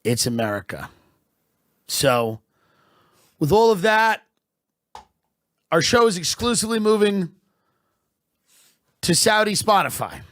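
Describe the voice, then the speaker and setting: A man hosting a podcast, delivering a sardonic, deadpan comedic rant. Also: sits high, slow pace, pauses often, dry recording, studio quality. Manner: sardonic, deadpan, with bursts of laughter. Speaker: podcast host.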